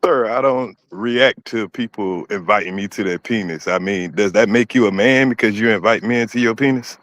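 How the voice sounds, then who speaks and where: A man's voice: on the low side, normal speed, fairly bright tone, dry recording. A man answering back sarcastically in a livestream argument. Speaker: debate opponent.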